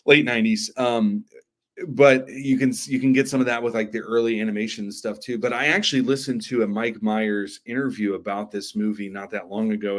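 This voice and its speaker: A man on a podcast, a guest who tells stories in an excited, chatty way. His voice often jumps up in pitch as he gets into it, and "like" and "man" keep coming up. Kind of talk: casual podcast chat.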